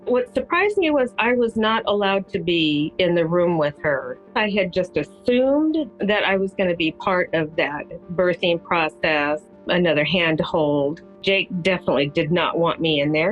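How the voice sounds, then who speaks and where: A woman in an interview calmly recalling events in a measured, reflective way. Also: lowish voice. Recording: slightly dull lo-fi audio with faint music.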